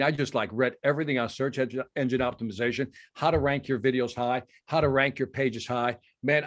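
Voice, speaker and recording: A middle-aged man from Chicago, a sales speaker telling stories in an interview and acting out the dialogue. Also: mid-range voice. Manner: animated storytelling, acts out dialogue. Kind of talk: storytelling interview.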